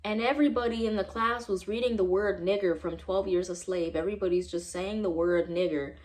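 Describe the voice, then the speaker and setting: A woman's voice: mid-range voice, steady tone, fairly quick, a little mellow. Angry young American woman ranting. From San Diego, United States. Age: 20s. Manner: angry, profane, emphatic ranting. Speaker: vlogger. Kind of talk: heated personal storytime vlog.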